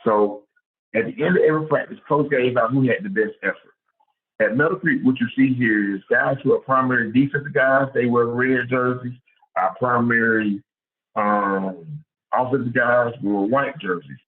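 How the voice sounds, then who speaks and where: A man who coaches high school football, giving a lively, conversational clinic talk and repeating words as he goes. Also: moderate pace. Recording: tinny phone-like sound.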